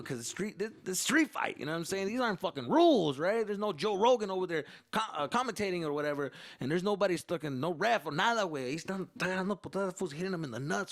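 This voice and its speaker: A young podcast host with a somewhat high voice tells stories in a loose, foul-mouthed way. He mixes Spanish slang into his English and jumps into other people's voices as he goes. The sound is close and dry. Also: no echo. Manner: profane, animated, acts out other voices. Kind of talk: casual storytelling monologue.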